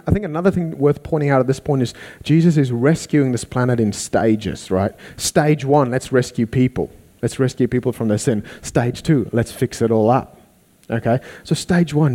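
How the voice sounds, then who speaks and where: A man preaching a sermon, animated, acting out the people he quotes. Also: mid-range voice. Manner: animated, acts out quoted voices.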